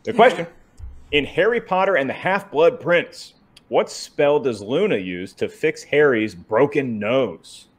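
A man's voice: medium pitch, lively intonation, unhurried, breathy edge. A man co-hosting a trivia match, reading questions and teasing the other host with wry jokes. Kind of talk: joking banter and question reading.

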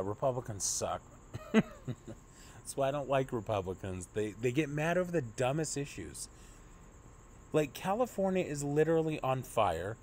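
A man's voice: medium pitch, a little mellow, slight background noise. A young man giving a profane, exasperated political rant as a commentary vlogger, mocking and blunt.

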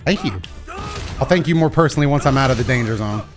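A man streaming a fighting game, commenting live and swinging between low mumbles and excited shouts. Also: fast talker. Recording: game music underneath.

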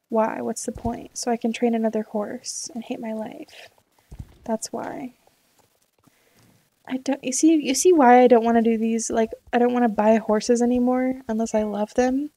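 Indecisive young woman rambling with vocal fry. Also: fairly high pitch, fairly even intonation, normal speed, dark tone. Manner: rambling, indecisive, talks to herself. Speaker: gaming YouTuber. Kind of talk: casual let's-play chat.

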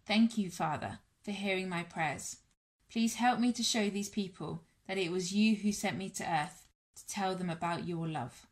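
A woman voicing Jesus as a calm, kindly grown man in a storybook reading. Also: mid-range voice, moderate pace, close to an everyday voice. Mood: prayerful.

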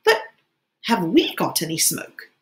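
A woman's voice: on the low side, wildly swooping pitch, unhurried. A woman reading aloud, voicing an anxious, pleading young schoolboy in an audiobook with raised, fretful cries. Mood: worried.

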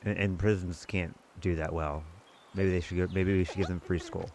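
A man's voice: low voice, level tone, moderate pace, a little mellow, slight background noise. A man hosting his own gaming channel, chatting casually and rambling while he plays a board game adaptation. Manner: chatty, rambling, self-amused. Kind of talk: casual let's-play commentary.

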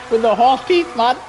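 A man's voice: very high-pitched, a little hiss or hum. A young man, streaming live racing gameplay and teasing the players in his lobby, laughing often and full of slang. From England. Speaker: gaming streamer.

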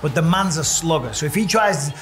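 A middle-aged man speaks with a higher-than-usual pitch as a fight analyst. He is animated and jokey, sizing up fighters' styles in casual pundit chat on a sports preview show. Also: fairly quick.

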